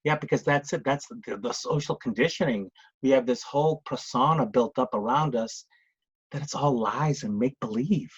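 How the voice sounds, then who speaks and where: A man's voice: mid-range voice, moderate pace, husky, no room sound. A middle-aged man with a Boston accent talks casually as a podcast guest. He rambles and restarts his sentences, leaning on "it's like". His voice comes through slightly dull and lo-fi, as if over a remote call. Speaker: guest, grief coach and author. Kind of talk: casual conversational interview.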